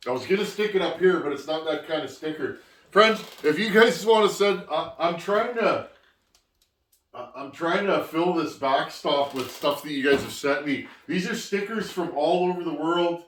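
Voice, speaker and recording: A man's voice: fairly high pitch, normal speed, distant mic. A man from Canada hosts his chainsaw channel, chatting to viewers as he opens parcels and doubling back on his words as he goes. His voice carries an echo from a roomy workshop. He stands a little way from the mic, and faint noise sits underneath. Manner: rambling, restarts, addresses viewers as friends. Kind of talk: casual vlog, opening mail.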